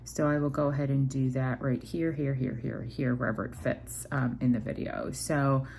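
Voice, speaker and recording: A young woman talks casually to her camera at home, wandering through her thoughts with lots of fillers and restarts. Her voice sits very low for a woman. Faint background noise hums under the camera mic. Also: steady tone, moderate pace, gravelly, a little mellow. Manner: rambling, many fillers and restarts. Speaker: vlogger.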